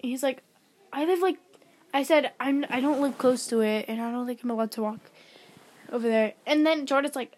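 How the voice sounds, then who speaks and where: A young woman casually retelling a dating story, giggling and quoting text messages in a flat voice. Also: sits high, fairly quick. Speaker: co-host. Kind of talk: casual gossip chat.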